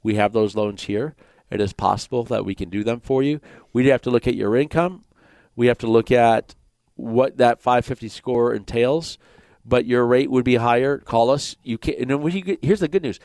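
Michigan-accented radio host, dry studio. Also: male voice, medium pitch, a little mellow, dry recording. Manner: explains numbers in quick bursts, jokey asides. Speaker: radio mortgage show host. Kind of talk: casual radio talk. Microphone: studio microphone.

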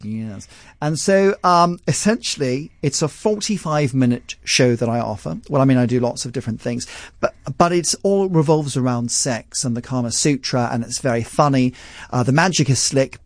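A man with a posh southern English accent, a magician guest on a radio show, telling stories in an animated way and laughing often. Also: mid-range voice, moderate pace, no room sound. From London. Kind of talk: radio interview.

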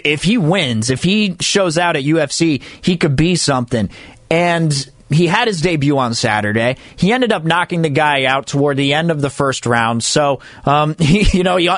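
A man's voice: on the high side, no room sound, clean studio sound. A man hosting a sports talk show, chatting casually and rambling, with fillers and restarts. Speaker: sports radio host.

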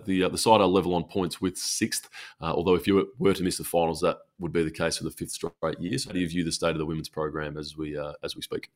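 A man, co-hosting a sports radio show and putting questions to a guest, halting with fillers. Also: low voice. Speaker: radio co-host. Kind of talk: interview questions and links.

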